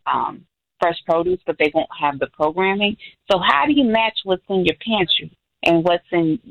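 A woman's voice: deep voice, vocal fry, no room sound, narrow, tinny audio. A woman researcher answering interview questions on a radio show, hesitant and full of ums. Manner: hesitant, lots of ums, spells slowly. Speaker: guest researcher.

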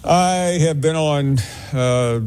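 A man hosting a sports call-in radio show, answering callers in a measured way with many fillers. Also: a little high, a little mellow, a little hiss or hum. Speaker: host.

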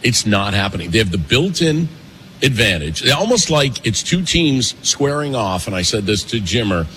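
A man hosting an opinionated political talk show from a pastry shop cafe, talking fast and emphatically and repeating his points. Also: mid-range voice, a little hiss or hum. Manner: animated, emphatic, fast, with repetitions.

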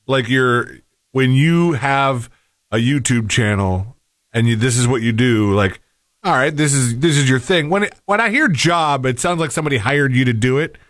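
A man's voice: medium pitch, expressive, moderate pace, a bit bright, dry recording. Wry male co-host, dry studio mic. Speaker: radio co-host. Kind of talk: casual on-air banter.

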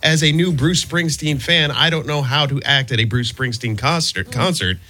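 A man's voice: medium pitch, moderate pace, bright, forceful tone. A man co-hosting a morning radio show, telling a funny story at his own expense. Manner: storytelling, self-mocking. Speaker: radio co-host.

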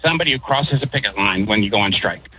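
A man from Connecticut calling into a radio show, rambling through a story with many pauses and restarts. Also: fairly low pitch, animated, bright, forceful tone, slight background noise, poor audio. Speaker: caller. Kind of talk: phone-in storytelling.

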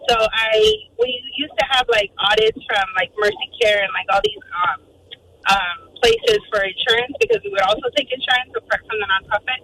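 A woman calling into a radio show, telling a story in a lively way and acting out the people in it. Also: fairly high pitch, brisk. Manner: animated, quotes people in voices. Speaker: caller. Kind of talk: phone-in storytelling. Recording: phone line with faint noise.

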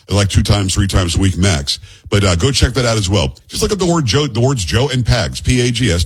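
A man's voice: on the low side, slightly rough. A man hosting a radio talk show from a studio, rambling and joking in teasing banter with his co-host. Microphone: studio microphone.

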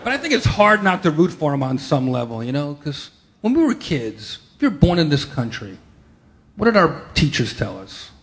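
A man's voice: a little high, very animated, normal speed, slight background noise. A man doing stand-up, delivering wry, incredulous observations. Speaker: stand-up comedian. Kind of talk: stand-up comedy set.

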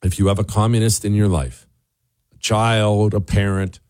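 A man hosting a talk radio show, delivering an opinionated monologue in a sarcastic way, with his voice leaping up high when he mocks something. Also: flat delivery, normal speed, a little mellow. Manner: sarcastic, with big swooping pitch jumps for mockery.

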